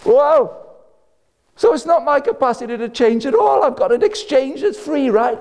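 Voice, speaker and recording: A man giving an energetic, jokey sermon-style talk at an event. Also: very high-pitched, moderate pace. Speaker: speaker.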